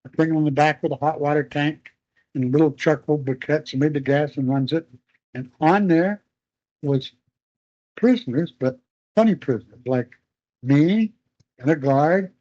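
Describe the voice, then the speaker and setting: Older man recalling wartime in halting speech. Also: fairly high pitch, warm tone. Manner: halting, rambling recollection with restarts. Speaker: interviewee. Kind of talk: oral history storytelling. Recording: dull lo-fi recording.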